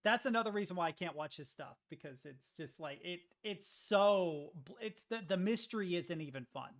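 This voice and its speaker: A man's voice: high voice, normal speed. A man streaming, chatting casually and reacting to videos, rambling and swearing as he goes. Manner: profane, rambling, animated.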